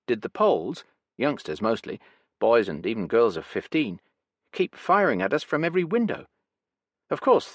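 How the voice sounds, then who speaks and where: A man's voice: medium pitch, dry recording. A man voicing a weary, talkative Soviet gunner in an audiobook.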